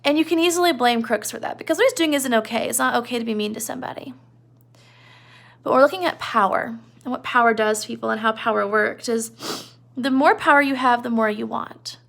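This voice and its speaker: A woman's voice: on the high side, a little fast, gravelly, fairly bright tone. A woman teacher giving a conversational classroom lecture, retelling a novel with asides and checks on her listeners.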